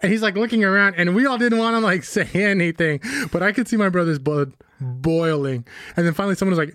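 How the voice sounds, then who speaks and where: A man's voice: high voice, fast talker, a bit bright, no room sound. A man co-hosting a podcast, joking, swearing freely and telling stories in casual chat. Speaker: podcast co-host.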